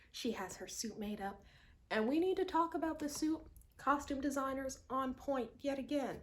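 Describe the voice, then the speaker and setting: A woman vlogger giving a casual, emphatic movie reaction, repeating lines for effect and dropping to hushed asides. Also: a little high, lively intonation, moderate pace.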